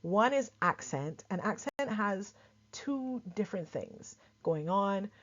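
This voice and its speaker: A woman from Barbados with a lightly softened Barbadian accent, chatting casually as she explains, full of quick examples and asides. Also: medium pitch, expressive. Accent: Barbadian, softened for clarity. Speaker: culture explainer host. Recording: dull lo-fi sound.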